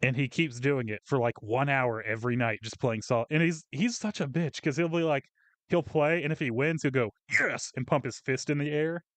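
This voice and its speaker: Male co-host, profane storyteller, middle pitch, dry close recording. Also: a little fast, dry recording. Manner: profane, ranting storyteller acting out coworkers. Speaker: podcast co-host. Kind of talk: casual venting chat.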